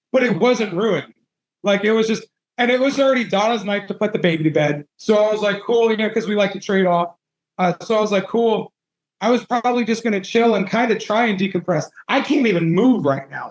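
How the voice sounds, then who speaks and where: A man in his thirties tells a story in a high, light voice. He swears often and mocks himself as he goes. The telling is loose and candid, like an interview. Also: low-quality recording. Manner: profane, animated, self-mocking storytelling. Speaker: tattoo artist guest.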